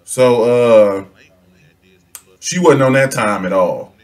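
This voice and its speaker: A man's voice: mid-range voice, slow pace. A young man telling a comedic storytime on his own channel, slangy and laughing, acting out the people in his story. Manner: animated, laughing, slangy, acts out quotes. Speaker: storytelling vlogger.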